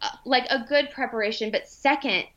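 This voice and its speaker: Young adult woman, guest in a casual chat, animated storytelling, slightly high voice, bright tone, dull lo-fi sound. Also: brisk. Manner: animated, emotional storyteller who acts out quoted voices. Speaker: podcast guest. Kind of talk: casual conversation, personal storytelling.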